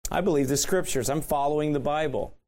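A man's voice: on the high side, brisk, a little mellow. A man preaching a sermon in a conversational way, asking rhetorical questions.

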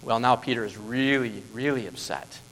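A man preaching a sermon as pastor, emphatic and full of rhetorical questions, dropping to a hush and then rising to loud stresses. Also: mid-range voice, moderate pace, long reverb tail, slight background noise, low-quality recording.

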